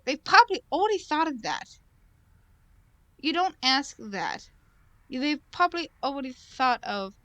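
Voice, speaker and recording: A woman's voice: high-pitched, expressive, normal speed, pushed and bright, dry recording. A woman streaming a visual novel, reading the narration aloud and breaking off into earnest, rambling commentary with many self-corrections. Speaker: game streamer. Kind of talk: casual let's-play commentary and narration.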